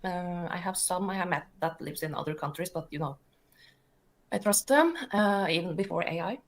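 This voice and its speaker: A woman's voice: on the low side, moderate pace. Rambling middle-aged Norwegian woman. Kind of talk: casual talk.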